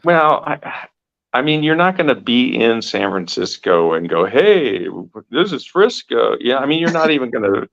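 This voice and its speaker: A man's voice: mid-range voice, very animated, moderate pace, fairly bright tone. A man from California co-hosting a casual podcast chat, explaining things emphatically. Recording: dull lo-fi recording.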